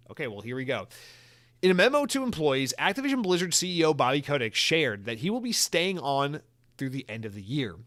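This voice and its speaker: A man's voice: on the high side, fairly bright tone. Joking, casual male podcast host. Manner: casual, profane, joking riffs with put-on voices. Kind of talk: solo podcast commentary.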